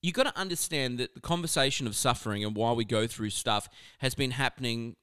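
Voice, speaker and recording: A man giving a casual, conversational sermon on scripture, animated and full of asides. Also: mid-range voice, fairly quick, clear, resonant tone, no room sound, studio quality. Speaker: preacher.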